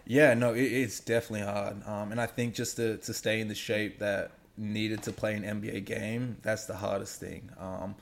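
Young Australian man, faded accent, low gravelly voice, laid-back and halting. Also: little pitch movement. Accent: Australian, somewhat faded. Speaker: guest athlete. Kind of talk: casual remote interview.

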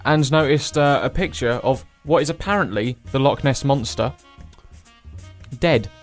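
A man's voice: medium pitch, measured pace, soft background music. A man in casual, jokey banter with a friend on a day out. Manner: jokey, mimics teachers in shouts. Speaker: co-host.

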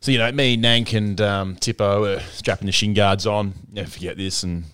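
A man's voice: lowish voice, fairly even intonation, moderate pace, a bit bright, clean tone, no room sound. An Australian man hosting a casual chat, telling a story with lots of laughter and restarts. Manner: laughs through stories, rambling. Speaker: podcast host.

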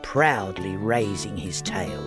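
A man narrating a children's audiobook story in an expressive, playful reading. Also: low-pitched, takes it slowly, music in the background.

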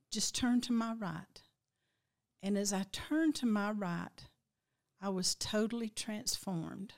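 An older woman with a drawl recounts a vivid dream. She speaks in a middle pitch, slowly and reflectively. She is heartfelt, and her voice at times catches with feeling. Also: a little mellow. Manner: heartfelt, slow and reflective, voice breaking with emotion at times. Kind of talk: emotional personal storytelling.

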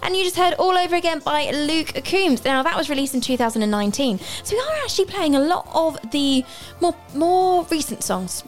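High-voiced chatty woman radio host. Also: animated, a little fast, hardly any pauses, soft background music. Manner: playful, giggly, chatty. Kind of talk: casual radio chat. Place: radio studio. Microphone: studio mic with headphones.

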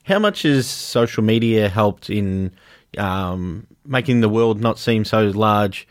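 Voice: medium pitch, expressive, takes it slowly, no echo, clean studio sound. A podcast co-host asking long, rambling interview questions full of fillers.

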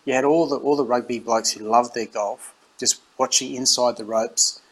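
A middle-aged Australian man tells stories in a relaxed interview. He acts out other people's lines with animation and restarts his sentences often. His voice sits at an ordinary medium pitch. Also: normal speed, rough recording. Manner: animated anecdotes, acts out quoted dialogue, frequent restarts. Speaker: interview guest, former rugby captain. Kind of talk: casual storytelling.

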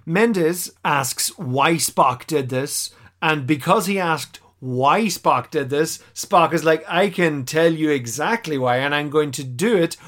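A man casually recapping a TV episode on a podcast, animated and quick to act out the characters' lines. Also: a little high. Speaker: podcast co-host.

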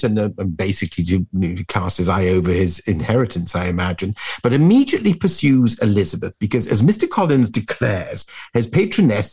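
A man's voice: lowish voice, darkish tone, slightly rough. A man introducing a reading in a chatty, hesitant way with some fillers. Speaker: host.

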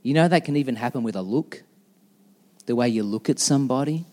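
A man's voice: mid-range voice, fairly quick, mellow, long reverb tail. A middle-aged man preaching a sermon as a pastor, chatty and self-deprecating. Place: church.

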